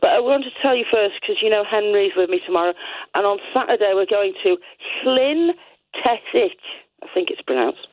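A woman's voice: medium pitch, fast talker, dry recording. Opinionated female caller, rambling and chatty, heard through a phone line. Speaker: radio caller. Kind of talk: casual phone-in chat.

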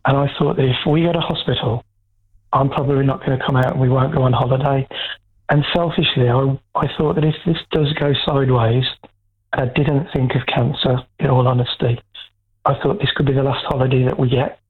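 A man calling in to a radio phone-in, speaking haltingly with many pauses and fillers. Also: medium pitch, fairly even intonation. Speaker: caller. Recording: tinny phone line.

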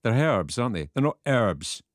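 A man's voice: mid-range voice, big pitch swings, normal speed, no echo, studio quality. A man hosting a radio phone-in show, chatty as he reads out listener texts and talks with callers. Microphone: studio microphone.

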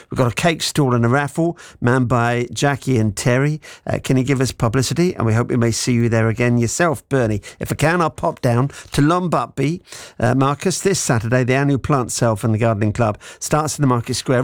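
A man's voice: medium pitch, fairly quick, no room sound. Playful male radio host, dry studio. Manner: playful, teasing, animated delivery. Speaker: radio presenter. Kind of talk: local radio chat show.

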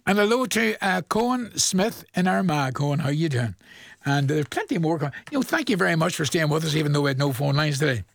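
A man's voice: fairly high pitch, sing-song, brisk, gravelly, no room sound, studio quality. An older man with a Northern Irish accent, hosting a radio show in a chatty, folksy way, reading out listeners' greetings and chuckling often. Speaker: radio presenter. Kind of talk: casual radio shout-outs. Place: radio studio.

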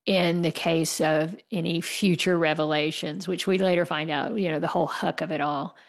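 Woman author, gravelly low voice, emphatic, candid, wry laughs. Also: fairly even intonation, moderate pace. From United States. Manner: passionate, emphatic, laughs wryly. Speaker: author guest. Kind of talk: candid conversational interview answers.

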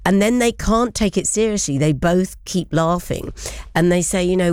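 A woman's voice: on the low side, moderate pace, darkish tone, smooth, dry recording, clean studio sound. A middle-aged woman hosting a casual panel chat, laughing easily and chatting with small apologetic asides. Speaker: host.

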